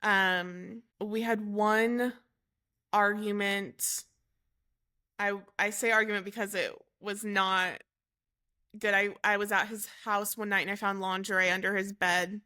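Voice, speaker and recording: Woman, young adult, slow pace, bright tone, halting, interview guest storytelling. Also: mid-range voice, little pitch movement. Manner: unhurried, halting, with fillers and self-corrections. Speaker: guest telling her story. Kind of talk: candid personal storytelling.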